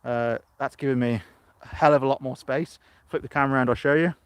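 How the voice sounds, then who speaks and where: A middle-aged Englishman live-streams from his allotment, talking into a phone camera outdoors and answering viewers as he rambles. His medium-pitched voice is clean, fairly even in intonation and fast, with no echo.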